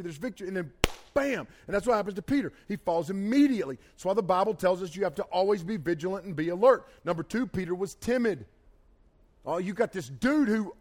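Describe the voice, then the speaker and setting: Preacher guy, kinda high voice, fired up and folksy, preaching hard. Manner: folksy, emphatic preaching with Southern turns of phrase. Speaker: pastor. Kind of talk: sermon.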